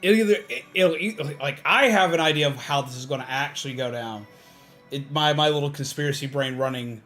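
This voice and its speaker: A man's voice: fairly high pitch, a little fast, a bit bright, soft background music. A man streaming a game, ranting in casual, profane talk with lots of fillers. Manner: rambling, profane, frequent fillers. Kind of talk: casual rambling stream chat.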